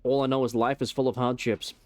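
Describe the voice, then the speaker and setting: A man's voice: mid-range voice, level tone, a little fast. A young man casually rambling and joking while he streams a game, with some swearing. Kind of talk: casual gameplay commentary.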